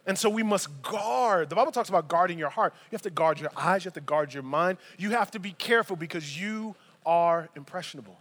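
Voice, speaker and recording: High-voiced male preacher in a reverberant hall. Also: fairly quick, few pauses. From United States. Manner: animated, conversational preaching with asides. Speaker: pastor. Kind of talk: sermon.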